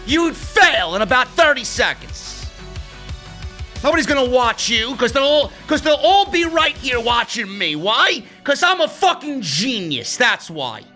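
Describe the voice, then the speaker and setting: A man's voice: very high-pitched, very animated, unhurried, sharp tone. Brash, profane New man ranting. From New York. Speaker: wrestling show reviewer, podcast host. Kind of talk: livestream rant, casual chat. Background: faint music.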